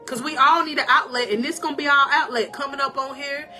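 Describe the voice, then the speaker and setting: A female life coach speaks quickly in a high-pitched voice, with faint music behind her. Her live-stream talk is animated, emotional and encouraging, and she laughs often and calls out to viewers like a preacher.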